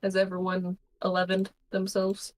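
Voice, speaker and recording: A woman's voice: medium pitch, monotone, normal speed, low-quality recording. A young woman streamer playing a tabletop game, bantering in a teasing, casual way. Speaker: player and streamer.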